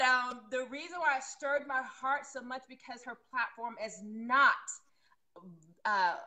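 A woman's voice: a little high, pushed and bright. A woman in her forties hosting a homeschooling podcast, talking in an encouraging and emotional way. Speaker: podcast host. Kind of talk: podcast interview.

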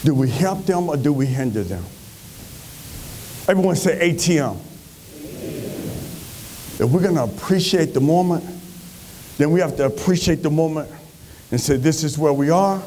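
A man giving an energetic motivational speech on a conference stage, telling stories with animated delivery. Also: fairly high pitch, normal speed, pauses often, a little hiss or hum. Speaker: motivational speaker.

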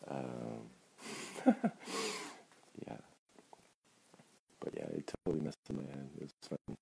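Deep, gravelly man chatting on a livestream. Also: slow, warm tone, a little hiss or hum. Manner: rambling, with laughs and apologies. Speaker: livestream host. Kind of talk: casual late-night livestream chat. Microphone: phone.

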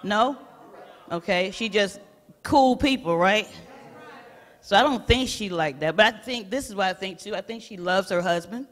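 A woman giving an animated sermon testimony as a guest speaker, calling out and exclaiming. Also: medium pitch, normal speed, big-room sound.

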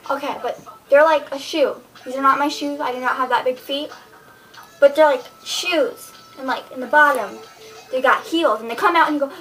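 High bright-voiced chatty teen girl. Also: rough recording. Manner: rambling, chatty, exasperated storytelling. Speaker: vlogger. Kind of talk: casual chat to camera.

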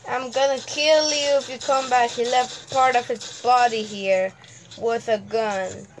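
A woman giving casual gameplay commentary, excitable, humming suspense sounds and talking to the characters on screen. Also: a little high, unhurried, background noise. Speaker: gamer host.

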